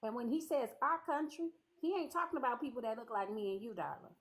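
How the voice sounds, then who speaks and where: A woman's voice: on the high side, lively intonation, fast, poor audio. A woman from the Chicago area with a mixed Southern and Midwestern accent, hosting a debate in a pointed, sassy way. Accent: Chicago-area mix of Southern and Midwestern. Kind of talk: casual debate.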